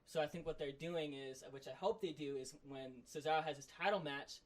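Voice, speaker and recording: Fast, rambling male podcast co-host. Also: on the high side. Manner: excited rambling recap full of "like". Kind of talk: casual chat.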